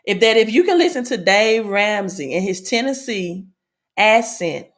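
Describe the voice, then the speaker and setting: A woman from Mississippi with a Southern accent, hosting a casual livestream about money and crypto, chatty and repeating herself, often tagging sentences with "right?", and reading news aloud haltingly. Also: mid-range voice, expressive. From Mississippi, American South.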